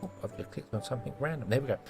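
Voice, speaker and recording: A man's voice: mid-range voice, lively intonation, very fast, vocal fry, music in the background. Chatty man streaming a game. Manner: chatty, self-mocking, scolds game characters playfully. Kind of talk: casual gameplay commentary.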